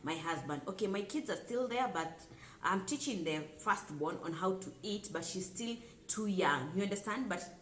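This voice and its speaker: A woman's voice: mid-range voice, moderate pace. Emphatic Kenyan woman in an echoey room. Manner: emphatic and repetitive, lively asides. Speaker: lifestyle vlogger. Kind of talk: casual talk to camera. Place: home room with children nearby. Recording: echoey room with faint background noise.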